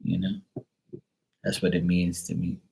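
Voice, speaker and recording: Blunt low-voiced tarot reader. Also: male voice, completely flat delivery, a little slow, vocal fry, dark tone. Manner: blunt, profane, rambling storyteller. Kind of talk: casual live stream chat.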